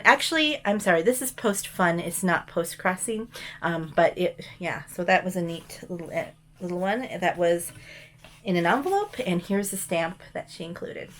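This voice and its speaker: A woman's voice: lowish voice, creaky. A woman chatting casually as she shows mail and thrift finds, rambling with frequent ums and restarts. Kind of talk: casual show-and-tell chat.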